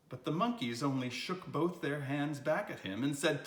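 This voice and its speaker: Older man, grandfatherly picture-book reader, lively bright voice, roomy echo. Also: mid-range voice, moderate pace, few pauses. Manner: expressive, swooping read-aloud delivery. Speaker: storyteller reading to children. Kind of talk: picture-book read-aloud.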